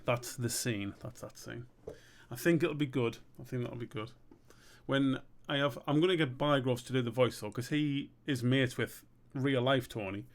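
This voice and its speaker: A man, casually talking through his cartoon work as he draws, relaxed and sweary. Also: mid-range voice. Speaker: streamer and cartoon maker. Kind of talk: casual commentary while drawing.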